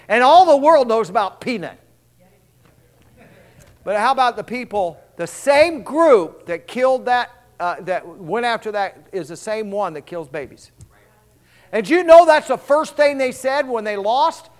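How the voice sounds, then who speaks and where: A man's voice: very high voice, expressive, measured pace. A male pastor preaching a rambling, folksy sermon with call-and-response asides to his congregation.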